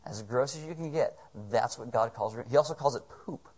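A man's voice: medium pitch, fairly quick, hardly any pauses, darkish tone, slightly rough. A man preaching a sermon as pastor, conversational and joking, firing off rhetorical questions.

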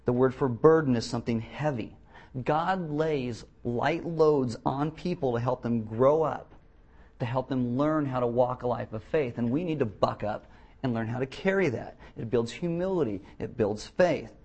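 A man's voice: medium pitch, moderate pace, a little mellow, husky, highs cut off. A man preaching a sermon as pastor of a church, telling blunt stories with jokes. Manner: blunt, joking storyteller. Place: church, before a congregation.

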